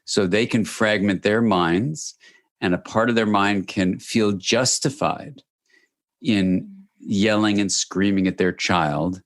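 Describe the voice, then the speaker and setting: Male guest expert, lower register, measured and emphatic explanations. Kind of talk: interview answers.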